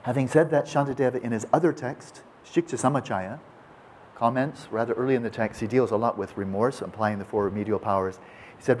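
A man teaching Buddhist practice, talking in an animated, self-mocking way and acting out apologies as he speaks. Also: medium pitch, fast talker, a little hiss or hum. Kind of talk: dharma talk. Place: teaching hall with a live audience.

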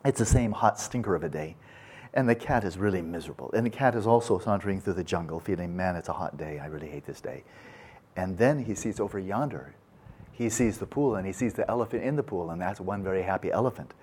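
Husky-voiced male meditation teacher. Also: on the low side, fast. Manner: folksy, animated storytelling with casual asides. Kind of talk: dharma talk to retreatants. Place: meditation retreat.

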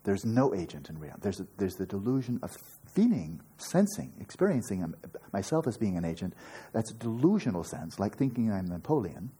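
Deep mellow-voiced older man teaching. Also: very animated, brisk, breathy edge. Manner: earnest, playful asides, rhetorical questions. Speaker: meditation teacher. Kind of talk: dharma talk to retreat students.

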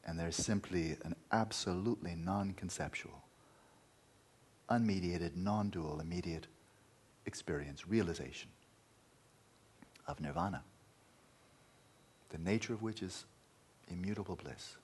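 A man's voice: low voice, measured pace, pauses often, darkish tone, slightly rough. A man teaching meditation in a dharma talk, emphatic, repeating key words and at times dropping to a near-whisper.

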